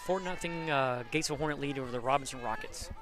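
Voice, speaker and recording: A man calling live softball play-by-play outdoors, with a playful, joking manner. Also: mid-range voice, fast talker, noisy background. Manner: playful, jokes about big words. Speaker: play-by-play commentator.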